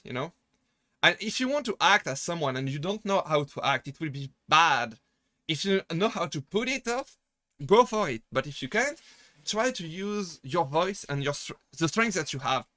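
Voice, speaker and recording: A man streams a casual Q&A and gives earnest advice in a bright, forward tone. His phrasing is broken and full of restarts. The sound is dry and close, with no room in it. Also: a little high, lively intonation, normal speed, no echo. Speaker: VTuber streamer.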